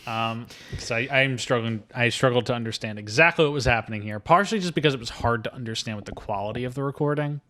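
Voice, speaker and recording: A man's voice: medium pitch, fast, hardly any pauses. A man hosting a casual movie podcast, joking and talking animatedly with his co-host. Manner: animated, jokey, slips into silly voices.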